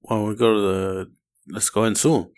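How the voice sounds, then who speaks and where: A man's voice: lowish voice, steady tone, fairly quick, darkish tone. A man hosting a podcast in casual chat, laid-back and swearing when worked up. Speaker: podcast host.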